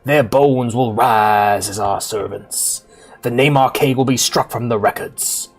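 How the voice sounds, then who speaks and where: A man putting on a slow, drawling preacher voice for a grandiose male necromancer lord reading a sermon. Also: medium pitch. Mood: menacing.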